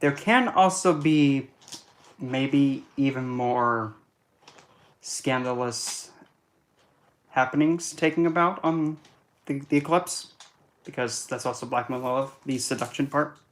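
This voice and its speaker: A man's voice: medium pitch, slow, pauses often. A man talks loosely and bluntly in a casual monologue. He jokes darkly and keeps correcting himself as he goes. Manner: chatty and blunt, darkly joking, self-correcting. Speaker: occult and astrology vlogger.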